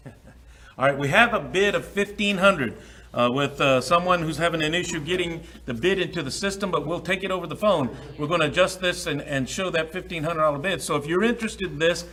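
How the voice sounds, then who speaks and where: Auctioneer, male, higher voice with a bright edge, repeats bid amounts in runs, lots of "uh" fillers, faint noise behind. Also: fairly quick. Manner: repeats the asking price in steady runs, many "uh" fillers. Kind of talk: live charity auction calling.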